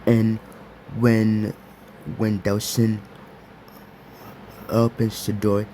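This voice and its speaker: A man narrating an improvised fan story, halting, with many repeats and restarts. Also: lowish voice, completely flat delivery, warm tone, slight background noise.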